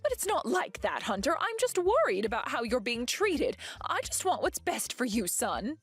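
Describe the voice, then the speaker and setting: A woman's voice: high voice, big pitch swings, normal speed, slightly rough, soft background music, full character voice. A woman voicing a possessive, scheming mother-in-law who talks in a defensive, indignant way.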